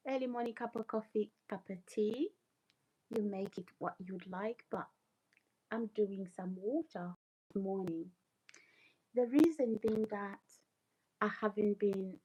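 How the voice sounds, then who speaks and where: A woman's voice: medium pitch, a little mellow, poor audio. A woman hosting a casual morning live stream, repeating greetings and reading out viewer comments. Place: home, early morning.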